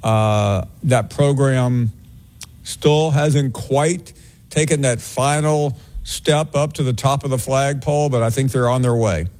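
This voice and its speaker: A man hosting a sports call-in radio show, answering callers in a measured way with many fillers. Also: medium pitch, darkish tone. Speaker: host.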